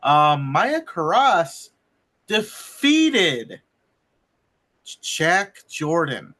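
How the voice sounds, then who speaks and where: A man on a podcast recapping match results in a slow, halting way, with many ums. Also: on the high side, sing-song, sharp tone. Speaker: podcast co-host reading results. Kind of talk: casual recap of wrestling results.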